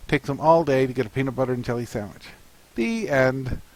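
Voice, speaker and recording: A man's voice: mid-range voice, very animated, a little mellow, low-quality recording. A man, a comic artist, thinking aloud in a hesitant, musing way while planning a comic. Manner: hesitant and musing, with many pauses and fillers.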